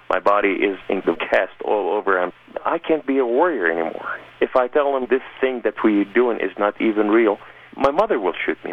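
Man, gravelly voice, emphatic testimony, tinny phone-like radio audio. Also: mid-range voice. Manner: emphatic, impassioned storytelling. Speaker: interview guest. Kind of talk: personal conversion testimony. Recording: narrow phone-like radio sound.

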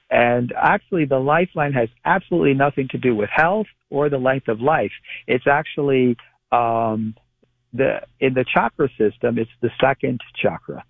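A man who is a guest on a call-in radio show explains palmistry in a measured way, often restarting his phrases. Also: mid-range voice, vocal fry, no room sound. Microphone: telephone. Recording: tinny phone line, dry.

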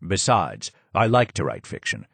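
Guy reading a kind old writer, soft and polite, dry close sound. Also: deep voice, very animated, normal speed, gravelly, husky, dry recording, pitched below the performer's own voice, heavily acted.

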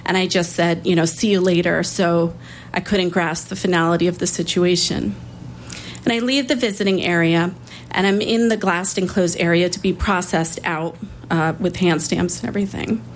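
A woman public defender telling a personal story in a conversational way, with small restarts and pauses. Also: lowish voice, steady tone, slight background noise.

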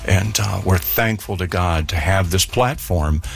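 A man speaking earnestly about a radio ministry in an interview, with frequent pauses and fillers. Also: low voice, gravelly. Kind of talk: reflective interview answers.

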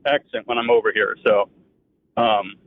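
A man's voice: lowish voice, fairly even intonation, moderate pace. A man from Pennsylvania calling in to a radio show, friendly and teasing. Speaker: caller. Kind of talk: call-in radio talk. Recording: tinny phone line.

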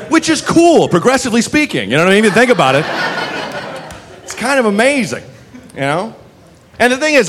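A self-deprecating stand-up comedian in his late thirties, a man with a high voice that swings all over the place. He rambles through his set. The live club recording carries a lot of noise. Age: 30s. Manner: rambling, self-deprecating, full of "like" and "you know". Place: comedy club stage before a laughing audience.

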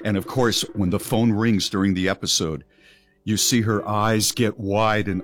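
A man's voice: low voice, normal speed, over music. A man co-hosting a radio talk show, retelling a spooky story in a casual chat and acting out the voices in it. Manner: animated, acts out quoted voices in a story.

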